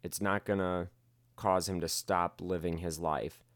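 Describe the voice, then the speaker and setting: A man's voice: deep voice, fairly even intonation, measured pace, no room sound, studio quality. A man giving earnest, admiring commentary as he introduces a clip. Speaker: video commentator. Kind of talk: casual commentary.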